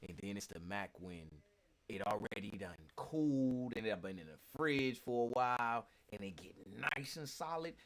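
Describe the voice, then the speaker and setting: Laid-back slangy man, low voice. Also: animated, normal speed, low-quality recording. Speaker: show host reacting to clips. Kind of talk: casual reaction commentary.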